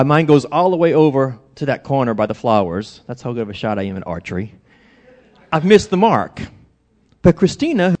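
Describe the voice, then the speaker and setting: A middle-aged man, a pastor, preaching a sermon and telling stories with acted-out quotes. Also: fairly high pitch. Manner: animated storytelling with acted-out quotes.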